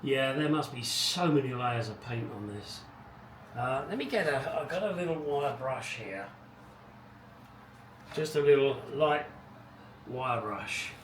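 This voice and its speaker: A man's voice: medium pitch, expressive, measured pace, long pauses. A middle-aged man narrating his car restoration work in a casual, wry, rambling way with muttered asides, recorded in his home garage. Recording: echoey garage, distant mic, background noise.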